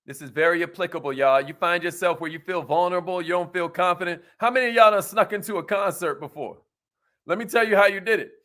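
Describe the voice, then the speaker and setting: A man hosting a motivational talk, energetic and playful, with slangy banter aimed at a live audience. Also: high-pitched, quick pace. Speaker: motivational show host.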